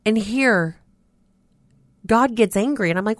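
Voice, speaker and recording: A woman preaches a radio devotional in a slow, deliberate delivery, earnest and emphatic. Her voice sits at a middling pitch and comes across dry and close, with no room sound. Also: lively intonation, no echo. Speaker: radio host. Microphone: studio mic.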